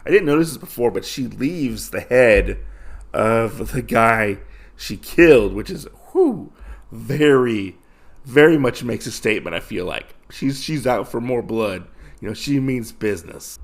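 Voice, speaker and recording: Gravelly man recapping a comic. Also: mid-range voice, lively intonation, measured pace. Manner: loose, enthusiastic retelling with many fillers. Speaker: podcast host. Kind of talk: casual comic book recap.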